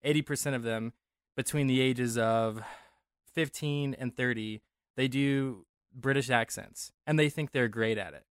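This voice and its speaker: A young man from Denver, USA co-hosts a casual podcast chat, rambling, correcting himself and joking. His medium-pitched voice is clear and resonant, a little slow, captured in a dry, studio-quality recording.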